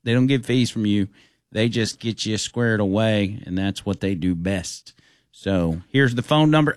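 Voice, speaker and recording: A male radio host speaks at a middle pitch into a dry, close studio mic. His delivery is easygoing and folksy, whether he is reading an ad or chatting with a caller. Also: normal speed, no room sound. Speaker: radio talk show host. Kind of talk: live radio talk.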